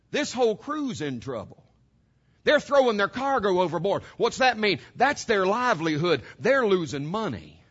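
A man's voice: high voice, pushed and bright, muffled recording. A man preaching a sermon to his congregation, emphatic and direct, throwing out rhetorical questions. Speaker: pastor.

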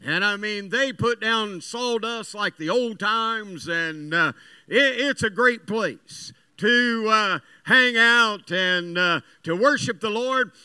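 A man's voice: high voice, takes it slowly, pushed and bright, clean tone, no room sound. A man from West Virginia preaching a sermon, telling folksy stories in an earnest, emphatic way.

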